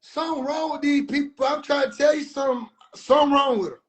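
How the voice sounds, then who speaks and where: A man giving heated, profane, incredulous commentary, often breaking into shouts. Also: extremely high pitch, fast talker. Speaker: video commentator. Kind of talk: ranting commentary.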